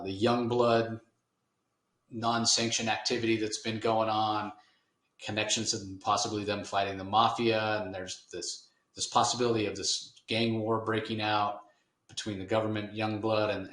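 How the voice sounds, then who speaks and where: Man, low voice, loose rambling comic recap, roomy echo. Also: level tone, normal speed, fairly bright tone. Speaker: podcast host. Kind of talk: casual comic book discussion.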